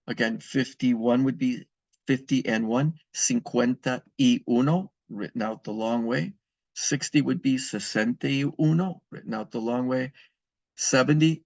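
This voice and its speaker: A man's voice: medium pitch, vocal fry, no room sound. A man teaching a beginner language lesson, patiently repeating and spelling out words for his students. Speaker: Spanish teacher. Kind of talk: recorded classroom lesson.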